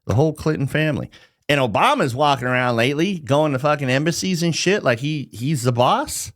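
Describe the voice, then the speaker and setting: A middle-aged man delivers a loose, profane rant, his voice leaping up and down in pitch. He mocks his targets and breaks into chuckles mid-sentence. The sound is close and dry, with no room around it. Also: expressive, fairly quick, a bit bright, no room sound. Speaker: vlogger. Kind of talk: casual ranting monologue.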